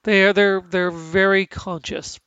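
A man's voice: high voice, steady tone, measured pace, pushed and bright, clear, resonant tone, no echo, lo-fi sound. A man with stuffy sinuses co-hosting a casual chat about TV, rambling with many restarts and fillers. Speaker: podcast co-host.

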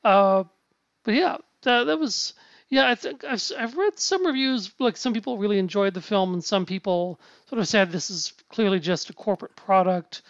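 A man chatting casually about a film, halting often with restarts, fillers and casual swearing. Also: high-pitched, no echo. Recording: dull lo-fi sound.

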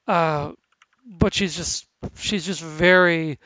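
A man's voice: fairly high pitch, steady tone, slow, bright, forceful tone, no room sound, rough recording. A man with stuffy sinuses co-hosting a casual chat about TV, rambling with many restarts and fillers. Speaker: podcast co-host.

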